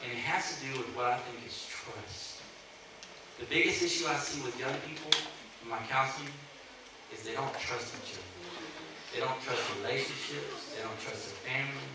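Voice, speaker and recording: Echoey preacher man, talking off-mic. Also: mid-range voice. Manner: conversational, repeatedly asking "right?". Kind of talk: sermon. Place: church sanctuary. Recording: echoey church hall, mic at a distance.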